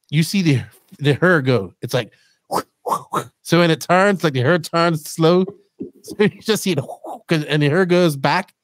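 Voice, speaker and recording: A middle-aged man hosting a podcast, telling rambling, animated stories in casual chat. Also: on the high side, no room sound, clean studio sound. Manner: rambling, animated storytelling with laughs. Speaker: podcast host.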